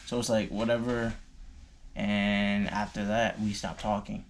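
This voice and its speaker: A man's voice: on the low side, level tone, moderate pace, a little hiss or hum. A young man telling a personal story in a loose, slangy way, full of fillers and swearing. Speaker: vlogger. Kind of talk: casual storytime.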